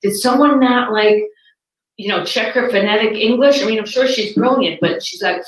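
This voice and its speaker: A woman doing stand-up, telling her stories in an exasperated, animated way on a comedy club stage. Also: a little high, normal speed. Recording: roomy, from far off.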